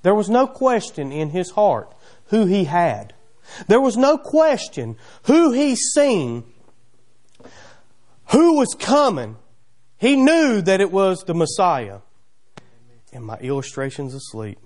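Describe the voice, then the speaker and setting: A man preaches a sermon in a church. His voice sits high and swings widely as he retells the story with homespun wondering questions. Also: sing-song, slow pace, pauses often, a little mellow. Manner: folksy, imaginative storytelling with rhetorical questions. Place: church sanctuary.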